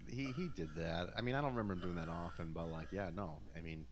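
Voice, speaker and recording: Deep-voiced man telling wrestling stories. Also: fast, highs cut off, background noise. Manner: animated, swearing, acts out quotes. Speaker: podcast guest, former pro wrestler. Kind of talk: casual storytelling.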